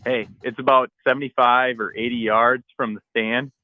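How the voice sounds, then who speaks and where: A man and podcast co-host telling a hunting story in a casual, animated way, acting out his own shouts and the texts he got. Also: medium pitch, moderate pace, dry recording, narrow, tinny audio.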